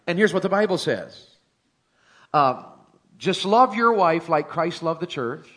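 A middle-aged man preaching a sermon to a congregation in a folksy, humorous way, building to emphatic high points. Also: lively intonation, a little slow, fairly bright tone.

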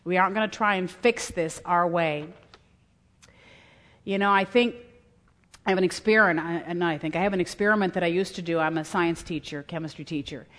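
A middle-aged woman giving a sermon to women, telling stories with earnest, lively emphasis and acting out quotes. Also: lowish voice, brisk. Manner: earnest storytelling, voices quotes. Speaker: women's conference speaker. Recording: long hall reverb.

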